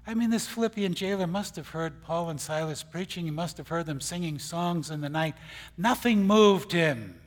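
A man preaching a sermon, swinging between loud, emphatic bursts and hushed near-whispers. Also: fairly high pitch, steady tone, fairly quick, hardly any pauses, long reverb tail.

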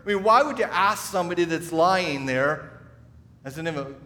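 A man's voice: a little high, lively intonation, normal speed, sharp tone, in a large hall. A man preaching a sermon, telling a story in a conversational way with frequent restarts. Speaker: pastor.

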